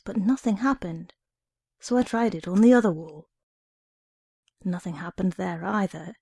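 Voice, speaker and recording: A woman reading a short story aloud in the first person, steady and wry. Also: mid-range voice, creaky, husky, dry recording, studio quality. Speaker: reader.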